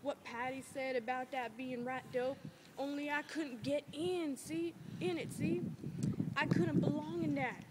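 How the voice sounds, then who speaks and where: A tough, bitter working-class man, blunt and rough-spoken, full of clipped street slang, as read by a woman. The voice sits high for the part. Heavy noise hisses underneath in this amateur play reading. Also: fairly even intonation, a little slow. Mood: wistful. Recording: loud background noise.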